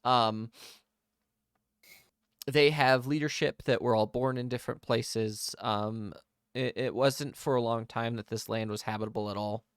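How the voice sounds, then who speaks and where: A man as game master, narrating and explaining a tabletop game world in a relaxed way with many pauses. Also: mid-range voice, clear, resonant tone, no echo, studio quality.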